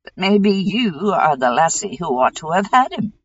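A woman's voice: lowish voice, big pitch swings, moderate pace, slight background noise. A woman voicing a blunt, knowing old hag in a fairy-tale reading. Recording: dull lo-fi recording.

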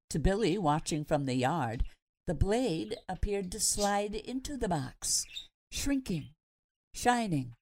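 A woman, a radio host, reading a story aloud in a measured, expressive narration. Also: on the low side.

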